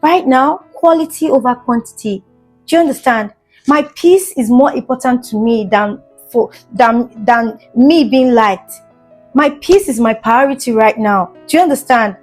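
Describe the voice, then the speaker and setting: A young woman vlogger tells a casual story straight to camera in a slightly high, somewhat mellow voice, earnest and emphatic, repeatedly asking "do you understand?" She uses fillers, restarts her sentences, and sometimes gets emotional, with faint music playing beneath her.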